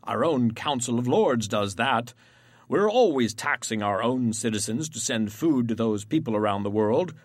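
A man's voice: mid-range voice, normal speed, no room sound, lightly acted. A man playing a smug island official. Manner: calm explaining, formal. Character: smug self-assured male island official. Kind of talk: audio drama acting.

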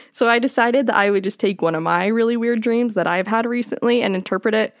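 A woman's voice: mid-range voice, fast talker, dry recording, studio quality. Giggly young woman podcaster reading notes. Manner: reads from notes, breaks into giggling fits. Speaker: podcast co-host. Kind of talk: casual podcast chat, reading notes aloud.

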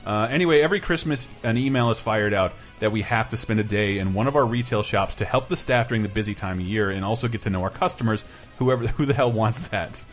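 Man, podcast host, casual chat, animated storytelling, faint background music. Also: on the low side, fast. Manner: animated storyteller who puts on voices. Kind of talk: casual chat, reading listener stories.

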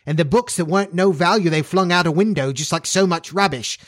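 A man's voice: high-pitched, brisk, no room sound, clean studio sound, voice pushed up. A man putting on a flustered, breathless housekeeper woman. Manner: excited, breathless, ungrammatical speech.

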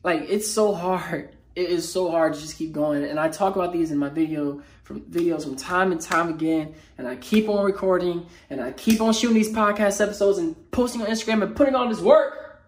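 A mental health motivational speaker talks unscripted in his personal vlog, clearly feeling low. He speaks in a halting, raw, emotional way, full of slangy fillers and restarts.

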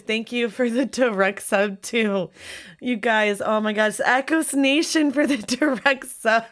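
A woman's voice: medium pitch, fairly bright tone. A woman hosting a live-streamed podcast, tearful and overwhelmed, gushing and laughing between her words. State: tearful, crying. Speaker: podcast host.

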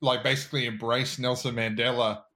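A man's voice: medium pitch, flat delivery, fairly quick, pushed and bright. A man co-hosting a casual podcast, ranting in a fired-up way and swearing freely. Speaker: podcast co-host.

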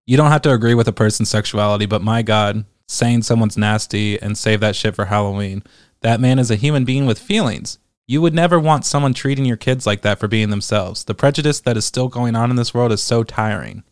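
A man's voice: fairly low pitch, a little fast, smooth, dry recording, clean studio sound. A man reading online comments aloud and reacting with profane, exasperated, sarcastic commentary. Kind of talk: casual ranting commentary.

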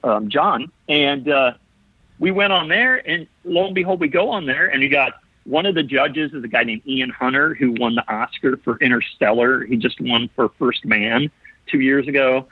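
Over a tinny, phone-like call, a model builder from Ohio, USA, in his forties, joins a podcast as a guest for a casual interview chat. His husky, mid-range voice moves at a moderate pace and sounds dry and close as he eagerly tells stories with frequent restarts.

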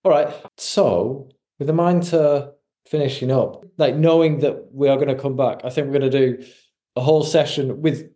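A man's voice: medium pitch, steady tone, moderate pace, dark tone. A man hosting a podcast, steering the talk in an easygoing way. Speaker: podcast host. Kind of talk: casual podcast chat.

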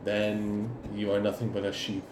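A man's voice: on the low side, monotone, normal speed, background noise, voice pushed down, lightly acted. A man voicing a male cult leader who taunts a captive during a ritual in a roomy-sounding recording. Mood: taunting. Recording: roomy echo.

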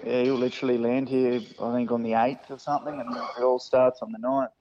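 A man's voice: mid-range voice, flat delivery, a little fast, a little mellow, slight background noise. Easygoing aussie racer guy being interviewed, modest, sound a bit muffled and lo-fi. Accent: Australian. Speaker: guest, desert racer. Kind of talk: casual interview chat.

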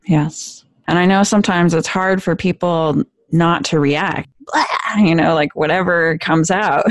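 A woman's voice: on the low side, fairly even intonation, measured pace, no room sound, studio quality. A woman hosting an interview, affirming and encouraging her guest. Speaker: host. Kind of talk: interview conversation.

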